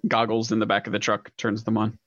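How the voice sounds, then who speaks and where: A man playing in a tabletop game who explains himself in halting restarts. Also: on the low side, monotone, a bit bright, a little hiss or hum. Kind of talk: casual in-character play. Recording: dull lo-fi sound.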